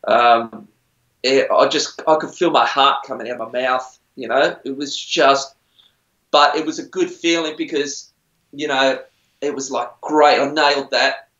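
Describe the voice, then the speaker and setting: In a mid-range voice with fairly even intonation, a middle-aged musician speaks a little slowly, his tone bright and forceful. He's on a TV singing show, rambling through chatty, self-deprecating stories in a casual interview. The sound is lo-fi, roomy and dull.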